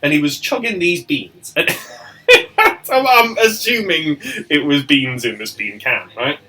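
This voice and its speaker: A man's voice: on the high side, animated, slow pace, sharp tone, poor audio. A man, a barber co-hosting a podcast, telling stories in casual chat, swearing and laughing often.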